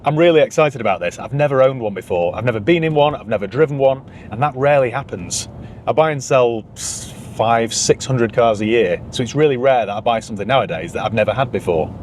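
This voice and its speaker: A man's voice: medium pitch, expressive, fairly quick, slight background noise. A man with a Northern English accent hosting his own car channel, chatty and wry, poking fun at himself as he talks. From England. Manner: chatty, wry and self-mocking. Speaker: used car dealer and channel host. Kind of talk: casual vlog narration.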